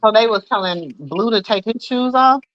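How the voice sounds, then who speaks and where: A woman's voice: mid-range voice, expressive, moderate pace, a bit bright, no echo, dull audio. A woman co-hosting a podcast, putting short, eager follow-up questions to the storyteller. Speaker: podcast co-host. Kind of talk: casual chat.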